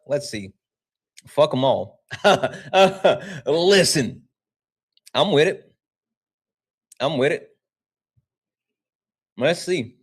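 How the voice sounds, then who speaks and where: Profane, animated male livestream host. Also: mid-range voice. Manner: profane, animated, laughing often. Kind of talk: casual livestream chat.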